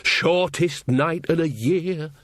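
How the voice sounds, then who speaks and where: A man's voice: fairly high pitch, takes it slowly, fairly bright tone, no room sound, studio quality, pitched above the performer's own voice. A man doing a chummy old witch woman. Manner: chummy, mumbling, soothing. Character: cheerful old female witch, peacemaker.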